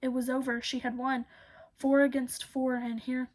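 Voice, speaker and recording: Woman narrator for a thriller audiobook, steady and even, slightly high. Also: normal speed. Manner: steady, with occasional slips and restarts. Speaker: audiobook reader.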